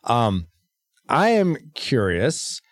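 A man co-hosting a relaxed movie review podcast, ranting with exasperation. His pitch leaps around constantly as he talks. The sound is close and dry. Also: extremely slow, dry recording. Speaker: podcast co-host. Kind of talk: casual movie review chat.

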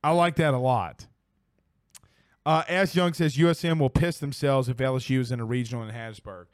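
A man's voice: medium pitch, steady tone, brisk, no room sound, studio quality. A young man hosting a casual sports podcast, exclaiming and swearing as he reads viewer comments. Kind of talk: casual live-stream chat.

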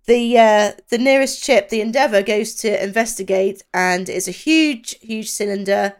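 A woman co-hosting a podcast, describing a book in casual chat and often pausing to find her words. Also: medium pitch, clear, resonant tone. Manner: hesitant, with many pauses and fillers. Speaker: podcast co-host.

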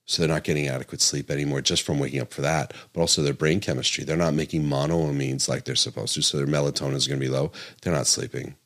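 A man's voice: very deep voice, steady tone, fast, hardly any pauses. A middle-aged man, a doctor hosting a podcast, talking earnestly and emphatically, repeating his points and correcting himself aloud. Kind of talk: podcast monologue.

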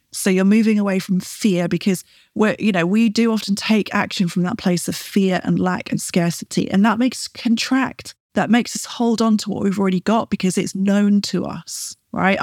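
A woman's voice: mid-range voice, a little mellow, no echo. Encouraging woman coach, dry close sound. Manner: encouraging, often checks in with "right?". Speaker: podcast host and wellbeing coach. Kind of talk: coaching talk with guided breathing.

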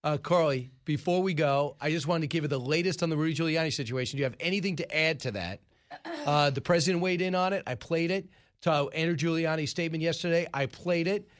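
A male radio host with a slightly raised pitch banters with his guest. His humor is dry and teasing. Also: fast talker. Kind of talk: radio talk show banter. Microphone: studio microphone.

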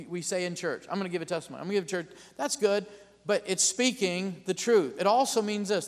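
A man preaching a sermon as pastor, calling out amens and building to loud declarations. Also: high voice, long reverb tail.

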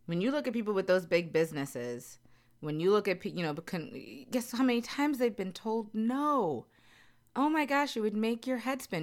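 A woman's voice: medium pitch, lively intonation, normal speed. A middle-aged woman speaking candidly and earnestly to her viewers, repeating phrases for emphasis. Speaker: vlogger. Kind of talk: candid personal talk to viewers.

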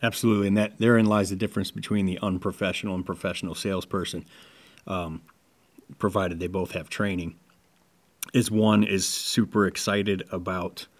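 A man co-hosting a casual sales-training podcast, who talks animatedly and acts out sales pitches. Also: steady tone, moderate pace. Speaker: podcast co-host.

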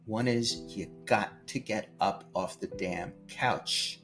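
An older man, a film producer, telling emphatic, animated stories in an interview. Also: fairly low pitch, takes it slowly, soft background music. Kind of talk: storytelling interview.

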